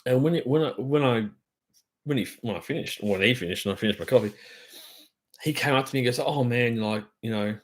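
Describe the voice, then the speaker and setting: A man's voice: mid-range voice, a little fast. A middle-aged Australian man hosting a drum channel, chatting on a live stream in a rambling, enthusiastic way full of fillers. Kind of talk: casual live-stream chat.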